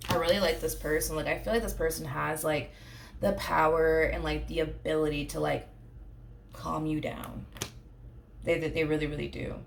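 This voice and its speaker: A woman with a low, deep-set voice talks through a tarot reading in a loose, chatty way. She reassures her listeners over and over, circling back to the same phrases. A faint hiss of background noise sits under her voice. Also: vocal fry. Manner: chatty, repetitive, reassuring, fillers like "you know what I mean". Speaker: tarot reader. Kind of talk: casual tarot reading to camera.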